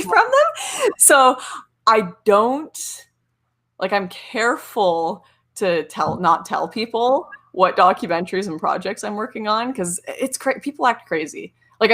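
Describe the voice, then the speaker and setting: Chatty Canadian woman, lowish voice. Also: a bit bright. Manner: chatty, laughs often, many filler likes. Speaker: livestream guest. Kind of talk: casual livestream interview.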